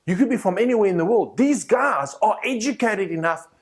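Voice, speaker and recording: A man's voice: high-pitched, fairly quick, breathy edge. A man with a South African accent, a motivational speaker teaching a speaking course and telling personal stories in a direct, confiding way. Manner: animated storytelling, direct and confiding.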